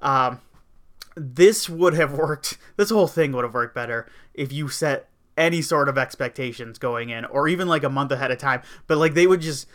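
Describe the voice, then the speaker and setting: A man's voice: mid-range voice, normal speed, fairly bright tone. A man hosting a podcast, chatting casually and wryly complaining, with lots of fillers. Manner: rambling, wry complaining with frequent fillers. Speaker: podcast host. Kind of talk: casual opinion chat.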